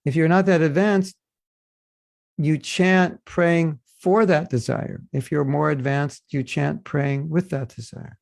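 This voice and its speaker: A man's voice: a little high, fairly even intonation, takes it slowly, creaky, a little mellow, dry recording, clean studio sound. A man teaching a devotional class, earnest and addressing listeners with rhetorical questions. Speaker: spiritual teacher.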